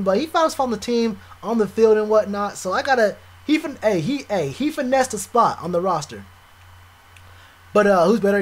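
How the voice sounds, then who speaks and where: A young man streaming live, chatting casually with viewers, animated and repetitive, full of slang. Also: high-pitched. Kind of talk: live stream reaction chat.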